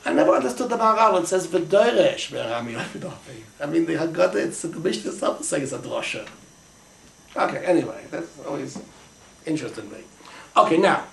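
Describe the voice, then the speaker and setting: A man's voice: a little high, big pitch swings, a little fast, creaky, reverberant. A man teaching a Talmudic class, thinking aloud in Yeshivish English full of Hebrew and Aramaic terms. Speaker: Torah teacher. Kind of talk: Talmudic lecture to a small class.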